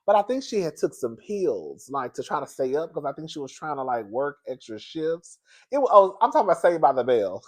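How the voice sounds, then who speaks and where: A man hosting a casual pop culture gossip vlog, animated and chatty, who calls his viewers girl and baby and jumps into a high, laughing voice when he gets excited. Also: moderate pace, vocal fry. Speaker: vlog host.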